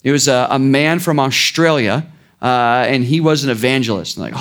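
A man's voice: mid-range voice, expressive, normal speed, fairly bright tone. A man preaching a sermon in an informal, conversational way, with sarcastic asides and frequent restarts. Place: church.

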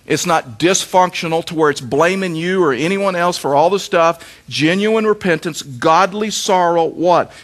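A man's voice: fairly high pitch, moderate pace, hardly any pauses, a bit bright. A middle-aged man pastor preaching a sermon, with emphatic repetition and rhetorical questions.

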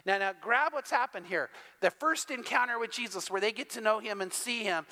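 A man preaching an evening sermon as pastor, retelling scripture in a lively storytelling way and growing loud and emphatic at key points. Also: sits high, fairly quick. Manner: builds from quiet to loud, emphatic.

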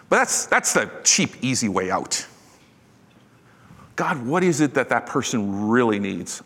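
Middle-aged male pastor, chatty self-mocking sermon, bright tone, big reverberant hall. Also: medium pitch. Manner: conversational and self-deprecating, joking asides. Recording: long reverb of a large hall.

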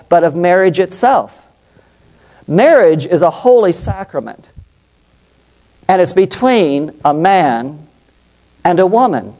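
A man's voice: high voice, a little mellow. A middle-aged man, a pastor and psychologist, preaching a passionate, emphatic sermon and putting questions to the congregation.

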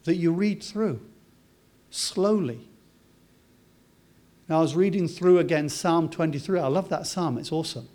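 A British man preaching a sermon, swinging from loud, emphatic lines to soft, slow, drawn-out words. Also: fairly high pitch. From Britain.

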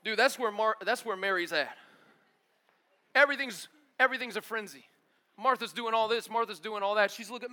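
A man preaching a sermon with animated storytelling, casual slang, and acted-out voices. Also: sits high, a little fast. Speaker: pastor.

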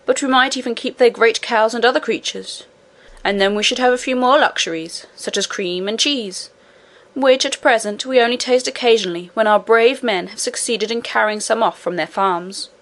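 A woman's voice: fairly high pitch, moderate pace, fairly bright tone. A woman voicing a haughty, scornful goblin queen in a storybook reading. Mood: scheming.

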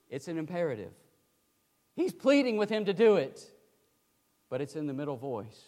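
An older man preaching a sermon, emphatic, swinging from loud pleading to quiet asides. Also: on the high side, animated, normal speed. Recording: long hall reverb.

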